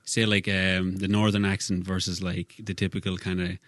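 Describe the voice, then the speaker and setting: A young Irishman with a rural Irish accent, chatting casually as a guest singer-songwriter and telling lively stories. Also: low-pitched, normal speed, dry recording, clean studio sound. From Ireland. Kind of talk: casual chat.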